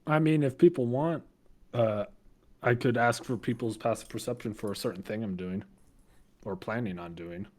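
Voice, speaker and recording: A man's voice: mid-range voice, normal speed, darkish tone. A man at a tabletop game, offering a plan tentatively. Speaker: player.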